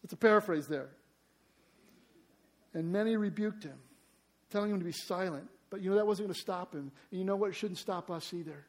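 A man preaching a sermon as pastor, emphatic, asking the congregation rhetorical questions and acting out quoted cries loudly. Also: high-pitched, fairly quick, long pauses.

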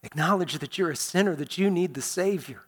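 A man preaching a sermon as pastor, earnest and deliberate, dropping to soft low phrases. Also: husky.

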